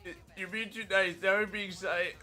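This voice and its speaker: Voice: medium pitch, steady tone, normal speed, pushed and bright, soft background music. A streamer hosting a collab in casual chat, playful and mock-boastful.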